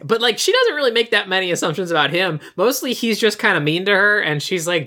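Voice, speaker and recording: A podcast co-host recapping a movie in casual talk. The voice has a bright, crisp edge at a middling pitch, and the telling is animated, with quick switches into the characters' lines.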